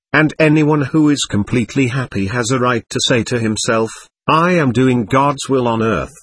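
A male narrator voicing a gentle, ailing old monk who speaks calmly and consolingly, in an audiobook. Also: mid-range voice, husky, no echo. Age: older. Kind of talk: audiobook character reading.

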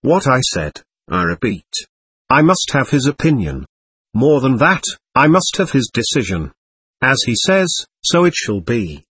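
A man's voice: mid-range voice, sing-song, unhurried, fairly bright tone, slightly rough, dry recording, full character voice. A man reading the part of a proud, emotional young society woman in an audiobook, with impulsive, exclamatory lines. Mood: earnest.

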